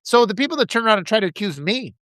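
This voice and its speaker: Man, passionate political monologue, animated delivery, dry sound. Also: sits high, very fast, no echo. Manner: passionate, ranting, quotes opponents in mocking voices. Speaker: political commentator.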